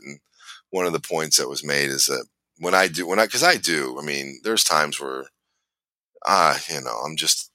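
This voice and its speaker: A man's voice: extremely low pitch, expressive, normal speed, bright, forceful tone, no echo. A man hosting a podcast, telling a long personal story in a rambling way with many restarts. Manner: rambling, restarts often, laughs while telling. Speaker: podcast host. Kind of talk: casual storytelling chat.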